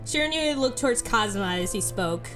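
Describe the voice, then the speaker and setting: A woman's voice: fairly high pitch, expressive, fairly quick, music in the background. A woman playfully reading a visual novel aloud as a let's play host, often breaking into giggles. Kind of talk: narrating a visual novel, casual chat.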